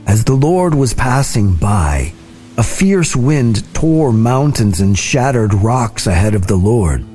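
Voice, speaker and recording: A man reading scripture aloud in a slow, deliberate, soft-spoken way. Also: medium pitch, expressive. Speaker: scripture reader. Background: soft guitar music.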